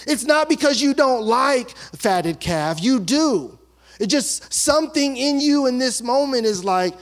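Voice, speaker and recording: High-voiced pastor preaching, animated storyteller. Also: male voice, moderate pace. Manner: animated storytelling, acting out townspeople's chatter; drops to a hush for emphasis. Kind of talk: sermon.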